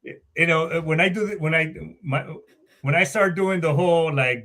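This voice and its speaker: Bright-voiced, swearing veteran man hosting. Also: on the high side, normal speed. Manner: rambling, profane, joking. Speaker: podcast host; Marine veteran. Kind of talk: casual podcast chat.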